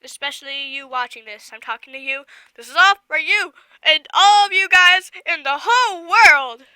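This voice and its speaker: Bright, high-pitched rambling young woman. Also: moderate pace, no room sound. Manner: rambling, excitable, lots of fillers and asides. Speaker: vlogger. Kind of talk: casual storytelling to camera.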